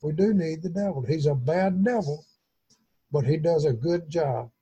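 A man's voice: a little high, normal speed, dark tone, breathy edge, muffled recording. A man leading an informal Bible study, teaching in a folksy, rambling way. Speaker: pastor.

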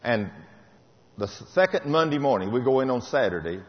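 A man's voice: medium pitch, expressive, brisk. An older man giving a fervent testimony sermon, repeating key phrases with emphasis. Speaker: preacher. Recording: muffled hall recording.

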